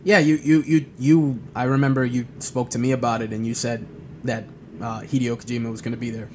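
A man's voice: medium pitch, flat delivery, fairly quick, background noise. A man co-hosting a casual gaming podcast, asking questions and pushing back on his partner. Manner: conversational, asks questions and pushes back. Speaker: podcast co-host.

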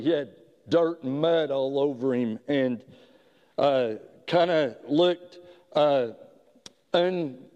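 A man preaching a sermon as a pastor, telling a story slowly with frequent halting restarts. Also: a little high, a little mellow, muffled recording. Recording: long hall reverb.

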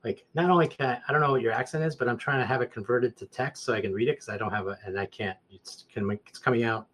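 Husky man in casual chat. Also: mid-range voice, quick pace. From Southern Nevada. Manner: rambling, restarts sentences, rises in loudness when animated. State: hoarse, clearing throat.

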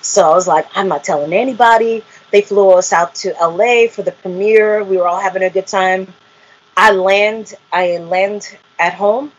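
Husky woman telling an animated story. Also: medium pitch, unhurried. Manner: animated, acts out quotes, laughs often. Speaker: interview guest, reality show cast member. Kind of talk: candid storytelling interview. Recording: muffled lo-fi audio.

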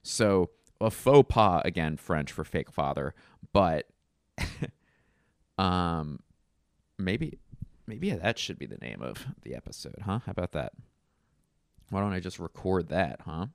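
Guy doing a rambly solo comedy podcast, low gravelly voice, bounces all over pitch-wise. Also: big pitch swings, takes it slowly, pauses often, dry recording, studio quality. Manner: wry, digressive, self-mocking.

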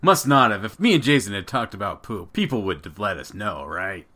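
A man in his thirties co-hosting a podcast in casual chat, telling lively stories and laughing a lot. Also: on the low side, a little fast. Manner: animated storyteller, acts out dialogue, laughs often. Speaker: podcast co-host.

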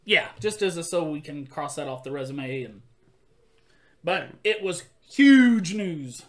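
A man chatting casually as a podcast host, an animated storyteller who acts out quotes and laughs often. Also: fairly high pitch, unhurried. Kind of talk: casual chat.

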